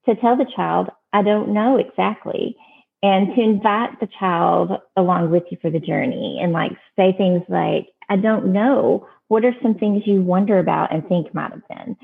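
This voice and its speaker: A woman's voice: medium pitch, moderate pace, gravelly, husky. A woman giving earnest, plainspoken advice in casual talk, often restarting her sentences. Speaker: adoption advice guest. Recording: phone-like narrow band.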